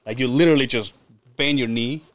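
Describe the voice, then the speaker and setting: A man co-hosting a podcast, telling stories in an animated, profane way and laughing often. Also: medium pitch, brisk, dry recording. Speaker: podcast co-host. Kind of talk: casual storytelling chat.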